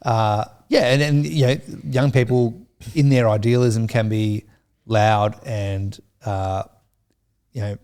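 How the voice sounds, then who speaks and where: A middle-aged man co-hosting a church podcast, thinking aloud in a slow, hesitant way with many fillers. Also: fairly low pitch, steady tone, a little mellow, clean tone. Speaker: podcast co-host. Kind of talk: reflective podcast chat.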